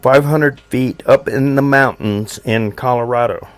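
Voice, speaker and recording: A man's voice: mid-range voice, unhurried, no room sound. A man at home in a casual group chat, laughing a lot and swearing while he drawls along. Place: home in the mountains.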